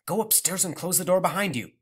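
A man's voice: a little high, very animated, moderate pace, pitched above the performer's own voice. A man reading aloud and voicing an anxious mother who speaks urgently and coaxingly. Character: anxious, hurried mother of two.

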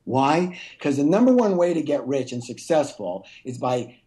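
Emphatic man with a dark, mellow voice. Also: a little high, very animated, normal speed. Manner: emphatic, teacherly, addresses listeners directly. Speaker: guest author. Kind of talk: podcast interview.

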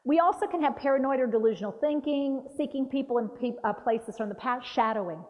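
A woman dementia care trainer giving a lively talk, acting out patient voices. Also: high voice, brisk. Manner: animated, acts out patient voices. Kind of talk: lively training talk with role-play demonstrations. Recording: dull roomy hall recording.

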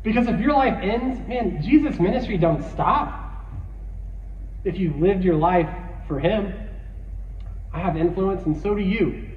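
A high-pitched man preaches to young people, animated and emphatic as he tells a story. His voice comes from a distance in a big, echoey hall with a long tail of reverb. The sound is a little dull, with a faint hiss underneath. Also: a little slow, pauses often. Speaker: youth pastor. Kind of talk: sermon with personal storytelling.

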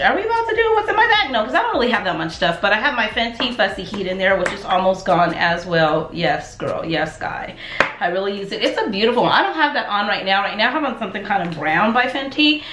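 A woman's voice: medium pitch, a little hiss or hum. Chatty woman vlogging in an echoey room. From United States. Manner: chatty, rambling, animated asides. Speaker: lifestyle vlogger. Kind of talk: casual chat to camera.

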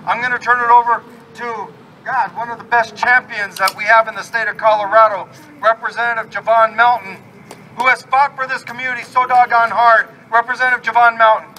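A man's voice: very high-pitched, level tone, fairly quick, sharp tone, far from the mic, a little hiss or hum, low-quality recording. A man, a state legislator, giving an earnest, emphatic rally speech outdoors while upset and frazzled.

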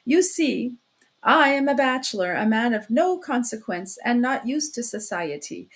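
A woman voicing a chatty, fussy middle-aged male investigator who rambles excitably in a fawning way. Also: on the high side, unhurried.

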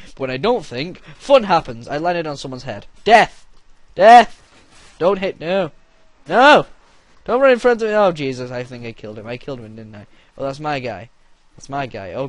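Young male gameplay commentator, crude and loud, shouts battle cries. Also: medium pitch, dry recording.

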